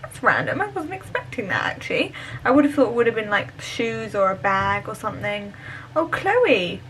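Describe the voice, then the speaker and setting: A young woman vlogging at home in a chatty, giggly, excitable way. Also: mid-range voice, moderate pace, a little hiss or hum, poor audio. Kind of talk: casual vlog chat. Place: at home indoors.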